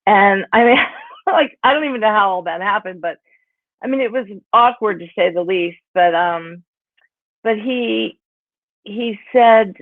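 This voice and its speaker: Over a tinny, phone-like line, a woman in her sixties from Pennsylvania, an author, rambles conversationally through stories of her life, leaning on "you know" and "like." She speaks a little slowly in a medium pitch, and the recording is dry.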